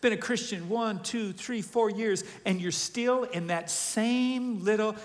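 A male pastor preaching a lively sermon, acting out quoted voices. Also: high-pitched, unhurried, hardly any pauses. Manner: animated, acts out quoted voices. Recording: reverberant hall.

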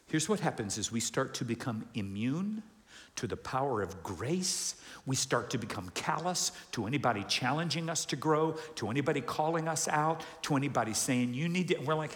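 A male pastor preaching a lively sermon, acting out quoted voices. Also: fairly high pitch, normal speed. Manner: animated, acts out quoted voices. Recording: reverberant hall.

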